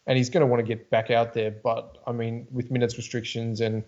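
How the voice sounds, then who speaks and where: A man co-hosting a casual sports podcast, laying out his thinking in a measured, analytical way. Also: mid-range voice, level tone, a little mellow. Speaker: podcast co-host. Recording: slightly dull lo-fi sound.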